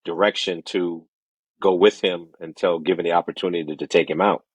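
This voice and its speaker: A man co-hosting a movie podcast, talking in a laid-back, halting way with lots of "uh" and "you know". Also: low voice, fairly even intonation, husky, dry recording. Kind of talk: casual movie discussion. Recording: dull lo-fi mic sound.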